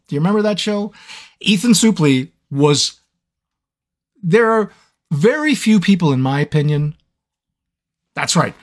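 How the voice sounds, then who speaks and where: Seated at a microphone, a male voice actor chats casually with fans during a livestream Q&A, rambling and joking about how scattered his mind is. His voice is on the high side and expressive, moving at a normal speed with frequent pauses, and his manner is scattered and self-mocking.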